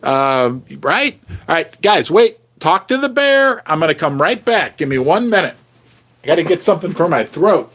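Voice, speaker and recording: In a loose, jokey livestream chat, a male host riffs on viewer comments with steady animation. His husky voice sits high for a man and swings widely in pitch, moving at a moderate pace.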